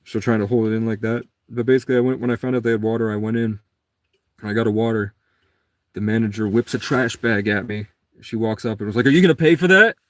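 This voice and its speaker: A man's voice: flat delivery, fast talker, a little mellow, dry recording. Man rambling through a story, dry sound. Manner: rambling, acts out quotes with raised pitch. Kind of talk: casual storytelling monologue.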